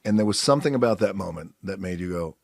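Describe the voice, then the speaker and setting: Low-voiced man asking encouraging questions. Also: lively intonation, fast talker, no echo, clean studio sound. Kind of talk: podcast conversation.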